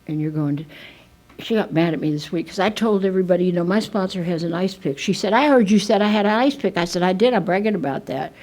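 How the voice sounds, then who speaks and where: Older woman, speaker at a recovery meeting: lowish voice, rambling, self-deprecating storyteller. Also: creaky, darkish tone, low-quality recording. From United States. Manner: chatty, self-mocking storyteller with many restarts. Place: meeting room.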